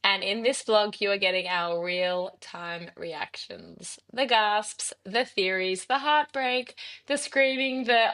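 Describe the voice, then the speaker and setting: A woman's voice: medium pitch, slow pace, fairly bright tone. A woman co-hosting a book vlog, reading an upbeat, emphatic intro.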